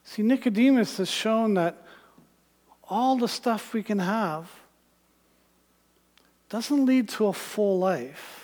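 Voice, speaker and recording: A man preaching a sermon, retelling a scripture story with animated, rising passages and voiced characters. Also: high-pitched, takes it slowly, long pauses. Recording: long church reverb.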